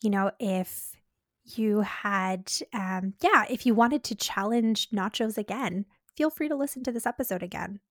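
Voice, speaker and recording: Gentle-spoken woman podcast co-host. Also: medium pitch, unhurried, no room sound, studio quality. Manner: gentle, reflective, says "right?" and "you know". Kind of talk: casual podcast chat.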